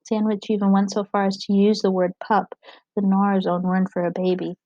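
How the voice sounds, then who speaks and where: Woman reading a novel, flat and mellow. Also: mid-range voice, fairly quick, dry recording, lo-fi sound. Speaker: audiobook reader.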